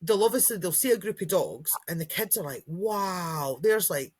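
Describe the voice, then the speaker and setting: Husky-voiced woman chatting about dogs. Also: on the low side, expressive, quick pace, a little mellow. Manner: chatty, acts out dogs' and kids' voices. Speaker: podcast co-host, dog trainer. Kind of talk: casual chat.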